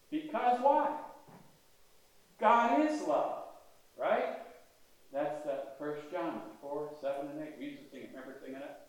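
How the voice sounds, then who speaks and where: Older male priest, fairly high voice, folksy sermon, big echoing church, mic at a distance. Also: unhurried, long pauses. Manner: conversational preaching with questions to the congregation. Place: large church. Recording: echoey church heard from a distance.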